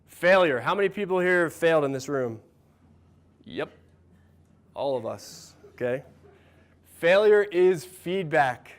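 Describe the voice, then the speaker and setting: Man in his thirties, coach leading a workshop, upbeat and encouraging, slightly higher voice. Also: unhurried, long pauses. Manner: energetic, encouraging, asks the room questions. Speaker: mental performance coach. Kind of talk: workshop talk to a live audience.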